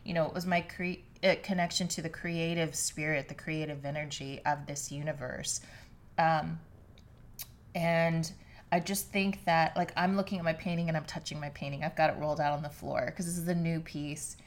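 A woman with a deep, low voice talks alone into a podcast microphone while sitting on her living room floor. She is reflective and earnest and often restarts her sentences mid-thought. The tone is that of a personal monologue to her listeners. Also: fairly even intonation, moderate pace. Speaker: podcast host.

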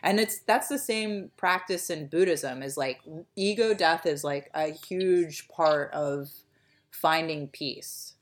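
A young woman co-hosting a casual podcast chat, rambling with lots of fillers and trailing off softly. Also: sits low, slow pace. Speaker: podcast co-host.

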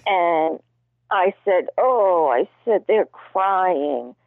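A woman in casual conversation, telling gentle anecdotes in a deadpan way. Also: fairly low pitch, extremely slow, no room sound. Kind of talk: casual chat. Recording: tinny phone line.

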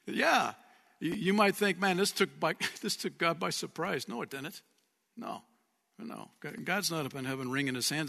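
A man preaching a sermon as pastor, in a lively, conversational way with frequent chuckles. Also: fairly high pitch, a little slow, gravelly, pauses often. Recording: long church-hall reverb.

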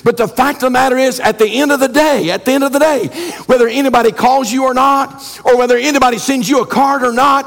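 Male pastor, very high voice, fervent preaching that climbs to shouted calls. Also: steady tone, fast, vocal fry. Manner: fervent, building to shouted refrains; reads scripture in King James wording. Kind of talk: sermon.

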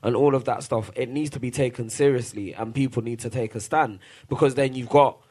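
Animated man. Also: mid-range voice, a little fast, breathy edge. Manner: animated, builds rising emphasis when making a point. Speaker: panel guest. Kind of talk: casual group discussion.

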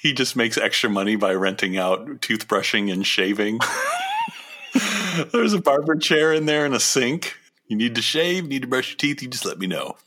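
A man's voice: mid-range voice, wildly swooping pitch, moderate pace, sharp tone, husky. A man co-hosting a casual podcast, riffing playfully and laughing a lot as he reacts to a trailer. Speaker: podcast co-host.

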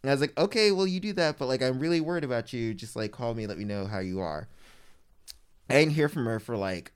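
Casual storyteller, a man with a smooth, clean voice and mid-range pitch who acts out the people in his anecdote. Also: fast talker. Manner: animated, heavy use of "like", mimics people he quotes.

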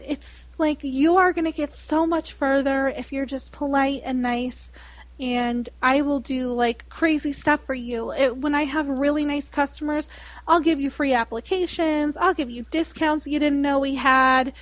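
A woman's voice: high-pitched, measured pace, no room sound. A woman hosting a casual chat, telling stories with lots of laughter and acting out customers. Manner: animated storyteller, laughs often, mimics callers.

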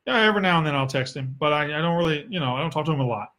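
A man's voice: a little high, expressive, rapid-fire, bright, forceful tone. A young man with a Southern US accent, hosting a casual solo sports Q&A in a blunt, profane and sarcastic way. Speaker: sports podcast host.

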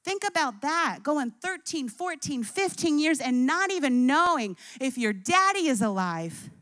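A young adult woman preaching, retelling scripture in a lively storytelling way. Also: high-pitched, a little slow, dry recording. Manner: storytelling, acts out scripture figures with rising intensity. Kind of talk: sermon.

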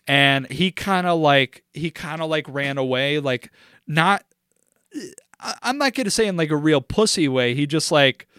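Smooth-voiced man telling a profane story. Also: on the high side, lively intonation, unhurried, a bit bright, no echo, clean studio sound. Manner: profane, rambling, laughs through his stories. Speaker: podcast co-host. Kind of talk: casual storytelling chat.

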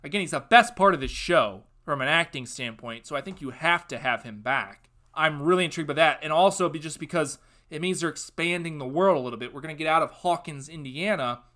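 A young man hosting a casual podcast, giving an opinionated TV review that turns into a loud, sarcastic rant. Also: fairly high pitch, a little fast. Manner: ranting, sarcastic, gets loud and worked up. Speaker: podcast host.

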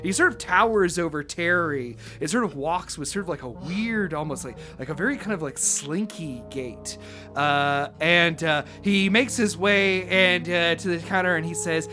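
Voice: mid-range voice, pushed and bright, soft background music. A game master narrating a tabletop game, hesitating often with fillers as they describe scenes. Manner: halting, lots of fillers while describing.

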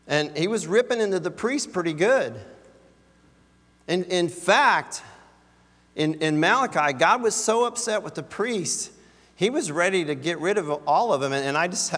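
Preaching with a high, fairly bright voice and a long reverb tail, a male pastor keeps his sermon conversational and renders scripture in plain, everyday language.

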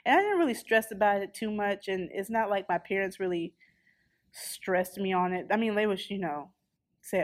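A woman's voice: medium pitch, normal speed. A woman in her twenties chatting casually, telling a story and acting out what people said. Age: 20s. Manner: chatty storyteller, acts out quotes. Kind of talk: casual chat.

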